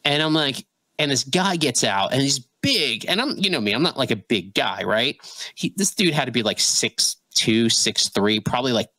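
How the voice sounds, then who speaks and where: A middle-aged man co-hosting a podcast, telling a personal story in animated, filler-heavy casual conversation. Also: medium pitch, moderate pace, no echo, rough recording. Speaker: podcast co-host.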